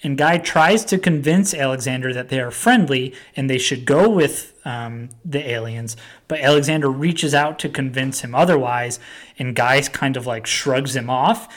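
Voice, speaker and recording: A man recounts a plot in a loose, easygoing chat, his pitch sitting in an ordinary middle range. He rambles with fillers and quick asides, acting out lines here and there as he goes. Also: a bit bright. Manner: rambling, filler-heavy storytelling with acted-out quotes. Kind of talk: casual chat.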